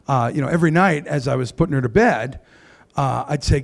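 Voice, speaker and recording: A brash stand-up comic holding forth on a club stage, crude and mock-outraged. His voice sits a bit high with plenty of gravel and rides up and down a lot. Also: lively intonation, fairly quick, few pauses. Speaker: stand-up comedian. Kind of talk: stand-up comedy.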